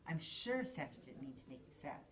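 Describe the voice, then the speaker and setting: A woman's voice: low-pitched, big pitch swings, moderate pace, slight background noise. A woman voicing a cheerful, kindly housekeeper in a children's storybook. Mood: cheery.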